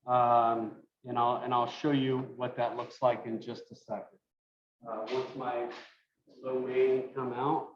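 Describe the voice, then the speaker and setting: A man's voice: medium pitch, slow pace. A man teaching an online cooking class from his kitchen, explaining loosely with lots of fillers. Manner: relaxed, thinking aloud with many fillers. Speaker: cooking instructor. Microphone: video call. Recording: roomy lo-fi video call audio.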